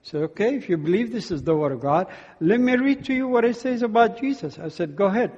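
A high-pitched man shares his testimony like a sermon, voicing both sides of old conversations with animated feeling. His voice carries with a long reverb, as if spoken from the stage of a large hall. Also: fast, slightly rough, lo-fi sound. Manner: animated storyteller acting out dialogue. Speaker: speaker giving testimony.

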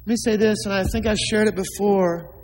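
A man's voice: high voice, fairly even intonation, a little fast, a little mellow, big-room sound, soft background music, rough recording. A man preaching a sermon as a pastor, emphatic, with many rhetorical questions to the congregation.

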